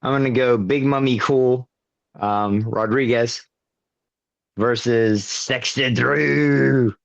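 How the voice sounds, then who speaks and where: A man's voice: medium pitch, fairly even intonation, slow pace, gravelly, no echo. Playful male co-host from Canada, slightly muffled dry recording. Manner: jokey, playful banter. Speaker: podcast co-host. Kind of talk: casual chat.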